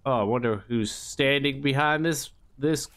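Speaking at a measured pace, this man has a mid-range, fairly bright voice. He's a gaming YouTuber doing rambling, jokey commentary on a horror game, with sing-song sound effects and asides that play innocent.

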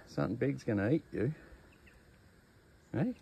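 Laid-back Australian man with a gravelly voice. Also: mid-range voice, moderate pace, pauses often, warm tone, slight background noise. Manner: laid-back, chatty, teasing the snake. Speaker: snake catcher. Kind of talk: casual outdoor vlog narration. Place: outdoors among bushes.

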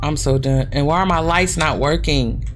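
A woman gamer giving loud, reactive commentary on horror games, swearing and calling out to viewers as y'all. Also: low-pitched, normal speed, over music. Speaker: gaming channel host. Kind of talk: horror game let's play commentary.

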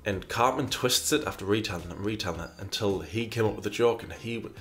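A man with a fairly low voice hosts a casual commentary show, reading out viewer questions and answering with wry, rambling asides. He keeps doubling back and restarting his sentences. Faint music plays underneath. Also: fast, fairly bright tone. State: burpy after breakfast.

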